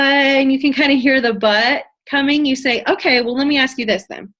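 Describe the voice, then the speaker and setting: A young woman coaching her audience with bubbly, eager energy, her voice sitting a little high. She keeps slipping into quick acted-out snippets of conversation as she teaches. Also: fairly bright tone. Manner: bubbly, enthusiastic, acts out conversations. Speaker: network marketing trainer. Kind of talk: motivational training talk.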